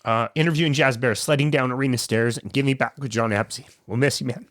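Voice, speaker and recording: Male podcast host, mid pitch, dry close sound, choked up and hesitant. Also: steady tone, fairly bright tone, no echo. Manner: casual, halting, many fillers. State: emotional, near tears. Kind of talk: emotional tribute talk.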